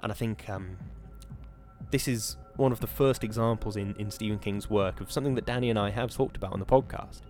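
A man hosting a podcast, giving a measured, dramatic reading of a horror novel and then chatting about it. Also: fairly low pitch, darkish tone, soft background music. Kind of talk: dramatic reading and casual commentary.

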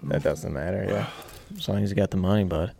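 A man's voice: quick pace, gravelly, mellow. A man hosting a casual podcast, teasing his friends in an emphatic way. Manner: teasing, emphatic, swings up and down in pitch. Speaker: podcast host.

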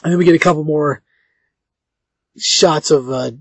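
A man co-hosting a podcast, recapping a comic book in casual, animated talk and jumping in with plot details. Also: a little high, moderate pace, husky, no echo. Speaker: podcast co-host.

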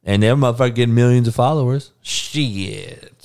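A man's voice: medium pitch, moderate pace, darkish tone, smooth. A man hosting a podcast, ranting casually and profanely to his audience with frequent laughing asides. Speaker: podcast host.

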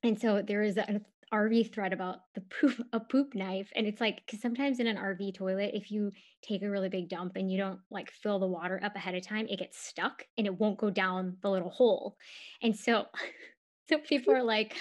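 A woman's voice: medium pitch, fairly quick. A woman co-hosting a podcast, telling stories in a loose, chatty way with frequent laughter. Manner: animated storytelling with laughter. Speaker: podcast co-host. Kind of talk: casual chat.

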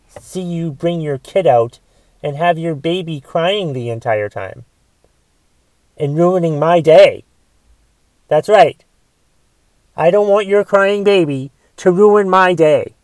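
A man's voice: on the high side, takes it slowly, long pauses, darkish tone, dry recording. A man delivering a solo rant, exasperated and swearing often as he talks. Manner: profane, exasperated ranting with restarts.

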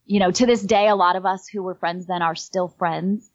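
Speaking at a moderate pace in a steady, lowish voice, a middle-aged guest recounts something personal in a casual conversation. Her telling wanders somewhat and is sprinkled with "um" and "like," captured on a dry, dull, slightly lo-fi recording.

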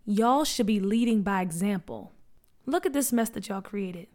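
A woman voicing a stern older male church deacon who lectures slowly. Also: mid-range voice, lively intonation, a little mellow, natural voice. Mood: stern lecturing.

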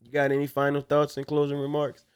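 A man's voice: a little high, monotone, fast, clear, resonant tone, no echo, clean studio sound. A man with a Louisiana accent hosting a casual podcast, joking and slangy. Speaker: podcast host.

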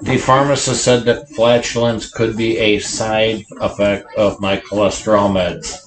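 A man's voice: fairly low pitch, level tone, a little slow, echoey room, background noise. A man co-hosting a casual podcast, joking around with crude banter. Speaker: podcast co-host. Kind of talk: casual chat.

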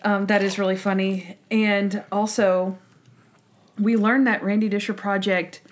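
A woman's voice: medium pitch, flat delivery, unhurried. Giggly woman recapping a show. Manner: giggly, acts out quotes in exaggerated voices. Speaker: podcast co-host. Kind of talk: casual chat recapping a TV episode.

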